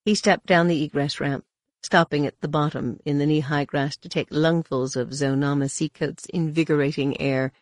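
An audiobook narrator with a mid-range voice reads in a steady, even way. The sound is dry and close, with no room around it. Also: mid-range voice, normal speed, no echo. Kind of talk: scripted narration.

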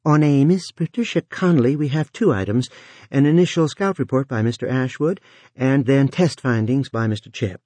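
A man voicing an office intercom that answers in a flat, clerical manner. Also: medium pitch, moderate pace, dry recording, pitched above the performer's own voice, lightly acted.

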